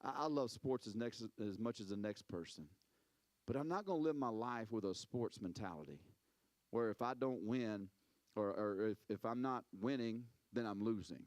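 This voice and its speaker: A man preaching a sermon as a pastor, telling stories in an animated way, repeating words and acting out quotes. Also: on the low side, normal speed, no room sound.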